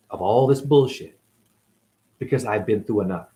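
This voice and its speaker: A man's voice: lowish voice, normal speed, long pauses, mellow. A man delivering an angry, confrontational monologue as a self-styled spiritual teacher, swearing constantly. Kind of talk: profane ranting monologue.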